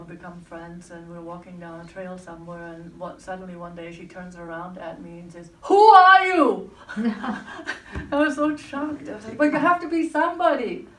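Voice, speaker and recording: A woman with a fairly low voice tells a personal story to an audience, thoughtful and feeling for her words. She sounds roomy and some way off the mic, with a faint hum of ambience behind her. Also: far from the mic.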